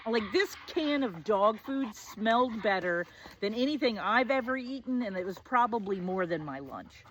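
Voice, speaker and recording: A woman's voice: medium pitch, animated, moderate pace, a little hiss or hum. Woman in her forties telling a story. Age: 40s. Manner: vivid, self-mocking, conversational with frequent "like". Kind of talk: personal storytelling.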